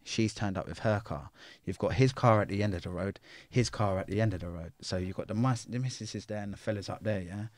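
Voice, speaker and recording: A man's voice: fairly low pitch, quick pace, few pauses, no room sound. A middle-aged man, telling his life story bluntly in an interview, full of swearing and street slang. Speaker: interview guest.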